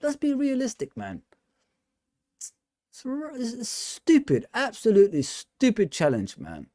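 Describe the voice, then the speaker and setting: A fired-up man talks on a fan channel stream. His voice sits fairly high for a man and sounds close and dry, with no room around it. He rants, circles back to the same point and punctuates everything with "man". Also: wildly swooping pitch, measured pace, warm tone, no room sound. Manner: ranting, repeats "man" and "come on". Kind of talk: casual live-stream football talk.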